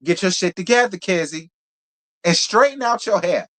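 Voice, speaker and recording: A man's voice: high voice, lively intonation, moderate pace, fairly bright tone. Sassy man recapping reality TV. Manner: sassy, blunt, talks straight to viewers. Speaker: reality show reviewer. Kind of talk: live stream recap chat.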